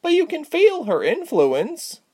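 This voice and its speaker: A man voicing an excitable, motherly innkeeper's wife who speaks with gushing emphasis in a storybook. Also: extremely high pitch, moderate pace, slightly rough, voice pushed up, exaggerated voice.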